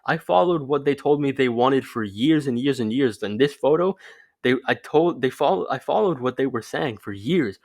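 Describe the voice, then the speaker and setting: A man's voice: mid-range voice, animated, normal speed. A young man giving casual, rambling dating advice straight to camera, filling his talk with "like". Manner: rambling, loose, lots of "like" fillers. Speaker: vlogger.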